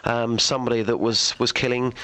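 A man reporting a feature on a radio show, speaking haltingly with many fillers. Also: mid-range voice, little pitch movement, sharp tone, dry recording. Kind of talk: casual radio chat.

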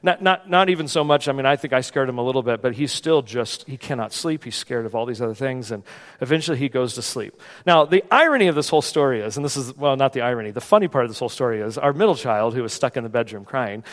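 A man preaching a sermon in a church, telling a personal story in an animated, conversational way. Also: mid-range voice, fast talker. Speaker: pastor. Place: church sanctuary. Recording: long hall reverb.

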